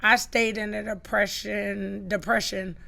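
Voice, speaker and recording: Podcast guest, middle-aged woman, gravelly edge, mid pitch, emphatic testimony. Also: flat delivery, unhurried, bright, forceful tone. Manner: emphatic storytelling, acts out quoted lines.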